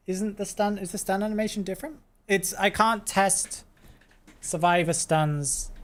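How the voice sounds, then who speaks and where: A game streamer chatting on a live stream, thinking aloud, answering chat and laughing often. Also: medium pitch. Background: background stream music.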